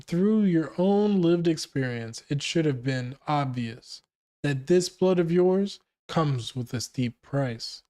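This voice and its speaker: A man voicing a cruel male scientist who speaks slowly, coldly and with contempt. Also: a little high, lively intonation, dark tone. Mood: contemptuous.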